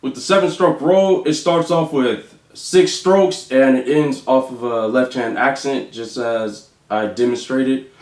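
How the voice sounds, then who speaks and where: A man teaching drum rudiments, calling out stickings and counting beats aloud slowly. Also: medium pitch, darkish tone. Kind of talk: instructional demonstration. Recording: echoey room with faint noise.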